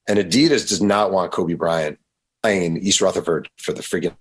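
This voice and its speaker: Man, radio interview guest, husky voice, lowish pitch, lively storytelling. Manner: animated, quick to act out quotes. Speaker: author guest.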